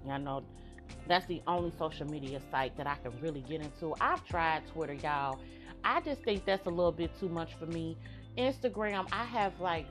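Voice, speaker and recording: Middle-aged woman host, chatty monologue, lowish voice. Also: fairly bright tone. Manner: chatty, addresses listeners as y'all. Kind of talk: casual monologue.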